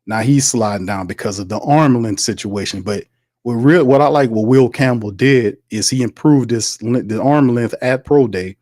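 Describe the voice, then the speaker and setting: Man, sports talk host, casual livestream, slangy, animated, rambling, mid-pitched, dry close sound. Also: normal speed, dry recording. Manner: slangy, animated, talks to viewers as fam; laughs and rambles between points.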